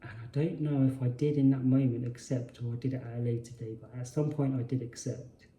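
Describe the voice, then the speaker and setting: Mellow man recounting a memory. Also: mid-range voice, steady tone, fairly quick, slight background noise. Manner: hesitant, often restarting and correcting himself. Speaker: spiritual channel host. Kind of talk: personal storytelling monologue. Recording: roomy echo.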